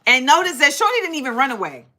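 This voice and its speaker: Animated, high-voiced woman telling stories. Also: quick pace. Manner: animated, dramatic retelling with acted-out quotes and laughter. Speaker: livestream host. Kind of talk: casual storytelling to a live chat.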